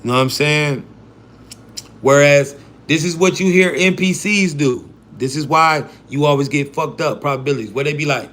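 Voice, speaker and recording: A man's voice: a little high, moderate pace, fairly bright tone. A man giving a casual, profane livestream talk on a mindset program, often checking in with "right?" and "bro".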